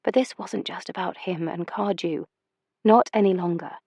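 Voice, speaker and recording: A woman narrating a historical romance audiobook in a measured, expressive storytelling manner. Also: on the low side, husky, no room sound.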